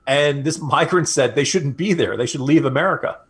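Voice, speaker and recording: A man's voice: fairly high pitch, a little fast, slightly rough. A man co-hosting a political podcast, making his points emphatically and repeating them for stress. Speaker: podcast co-host. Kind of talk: political commentary chat.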